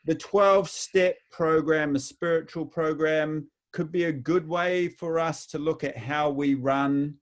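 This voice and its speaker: A man's voice: on the high side, fairly even intonation, takes it slowly, hardly any pauses. Rambling man telling anecdotes. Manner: rambling, many fillers and restarts, tells anecdotes. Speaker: host. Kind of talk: casual chat.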